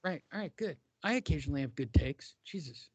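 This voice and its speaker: A man's voice: on the high side, lively intonation, fast, husky, dry recording. A man hosting a casual boxing podcast, sarcastic and profane, stretching words for emphasis.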